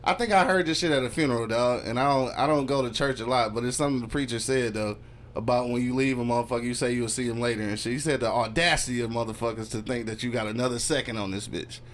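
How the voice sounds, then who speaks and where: A man co-hosts a talk podcast and rattles off loose, slangy stories. His pitch sits in the middle, and he talks with a quick, emphatic rush. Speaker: podcast co-host. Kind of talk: casual talk radio chat.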